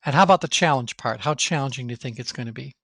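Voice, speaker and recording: A course instructor leads a live online training session, his mid-range voice racing along with a creaky, husky, fairly bright tone and no echo. He thinks aloud conversationally with the class and asks them questions.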